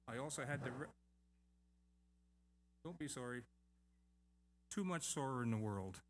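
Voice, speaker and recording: A middle-aged man preaching a sermon at an even, mid-range pitch. He drives points home by repeating phrases and breaks off for chatty asides. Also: a little slow. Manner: emphatic repetition, lively asides. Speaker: pastor.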